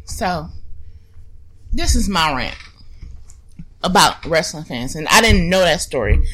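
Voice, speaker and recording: A woman co-hosting a casual podcast, loud laughter and profane banter. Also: on the low side, very animated, measured pace. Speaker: podcast co-host. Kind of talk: casual chat. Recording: noisy home recording.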